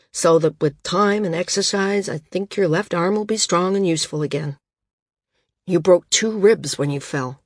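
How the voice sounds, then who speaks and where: A grave, gentle male healer lays out hard news in a calm, measured way, as a woman voices him in an audiobook. The voice sits low and husky. The recording is close and dry. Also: no echo. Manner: calm, measured and bitter at times.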